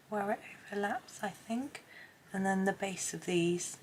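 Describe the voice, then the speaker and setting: A hoarse woman with a chatty, rambling manner talks casually while colouring, often dropping to a near whisper. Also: medium pitch, measured pace, a little hiss or hum. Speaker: colouring channel host.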